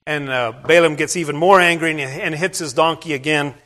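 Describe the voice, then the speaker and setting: Plain-spoken male preacher, slightly high voice. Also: a little fast, pushed and bright. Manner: plain-spoken, conversational storytelling with asides to the congregation. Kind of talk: sermon retelling a scripture story.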